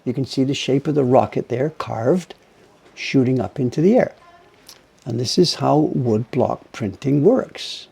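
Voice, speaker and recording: Gravelly older man chatting while working. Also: mid-range voice, animated, measured pace, mellow. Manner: rambling, self-correcting, chatty. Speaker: printmaker streaming live. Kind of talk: casual live-stream chat while working.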